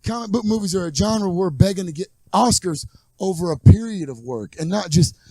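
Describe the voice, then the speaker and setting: Host, male, high voice, excitable storyteller, dry close mic. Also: a little fast, no echo. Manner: animated storyteller, acts out quotes. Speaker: podcast host. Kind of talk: casual chat.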